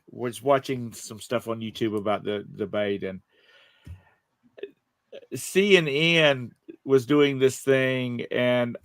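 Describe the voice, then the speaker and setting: A man's voice: medium pitch, no echo. An older man hosting a casual political chat, rambling with fillers and chuckles. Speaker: host.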